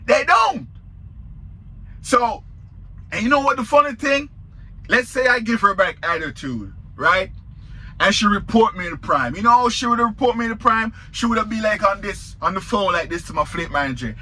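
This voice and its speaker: A man's voice: sits high, animated, moderate pace, pushed and bright. A man with a Jamaican accent, a truck driver telling a story in a casual vlog, talking straight to viewers.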